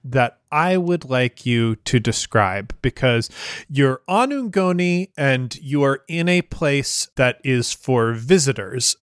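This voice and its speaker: A man running a tabletop game as game master, his voice sitting in an ordinary middle pitch. He paints scenes like film shots, loosely and conversationally, with plenty of fillers. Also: clear, resonant tone, dry recording, studio quality. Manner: descriptive, cinematic narration with many fillers.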